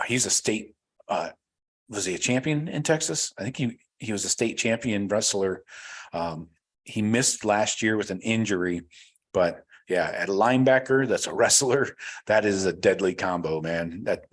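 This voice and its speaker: A man with a low, deep voice hosting a casual live show. He rambles through viewer comments in a relaxed, loose way, with plenty of fillers and the odd swear word. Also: breathy edge. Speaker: podcast host reading live chat. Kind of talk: casual livestream chat.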